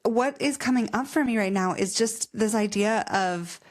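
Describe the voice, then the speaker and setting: A woman hosts a parenting podcast. She asks questions in a casual, conversational way and keeps the guest going with steady little murmurs of agreement. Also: mid-range voice, normal speed. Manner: encouraging, frequent affirming murmurs. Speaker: podcast host. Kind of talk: casual interview talk.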